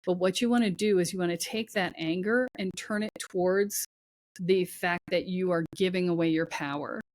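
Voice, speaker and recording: A woman's voice: lowish voice, no echo. Blunt, emphatic woman in a dry recording. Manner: emphatic, blunt advice in short commands. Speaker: guest spiritual coach. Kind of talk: podcast conversation.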